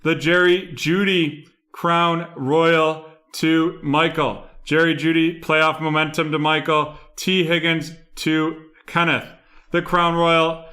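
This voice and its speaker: A man's voice: fairly high pitch, pushed and bright. A young man hosting a live card break stream, rattling off card names and the buyers they go to.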